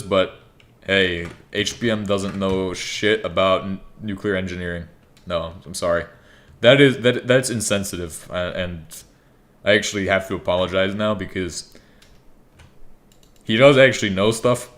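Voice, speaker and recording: Rambling young man, lowish voice, gaming chat. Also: fairly bright tone. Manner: rambling, joking, swears freely. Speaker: gaming YouTuber. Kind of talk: casual gameplay commentary.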